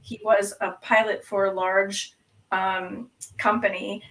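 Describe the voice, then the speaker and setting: A woman's voice: medium pitch, slow pace. Chatty woman co-host, slightly distant. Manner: chatty, animated storyteller. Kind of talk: casual conversation.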